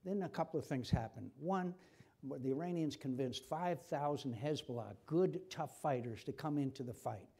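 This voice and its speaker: A man's voice: a little high, moderate pace, mellow, breathy edge. An older man with an American accent, answering an interviewer's questions at a public forum, growing impassioned and repeating himself when stirred. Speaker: senator being interviewed. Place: lecture forum before an audience.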